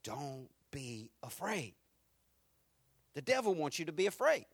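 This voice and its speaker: A man preaching a sermon, moving from quiet, reflective lines to loud, repeated build-ups. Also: high-pitched, no echo, clean studio sound. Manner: swings from quiet to rising, repetitive preaching. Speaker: pastor.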